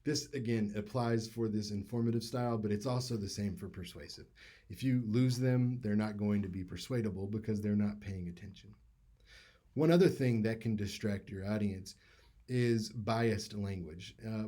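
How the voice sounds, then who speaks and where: A man's voice: lowish voice, normal speed, mellow. A man teaching public speaking in a casual, conversational lecture with many fillers.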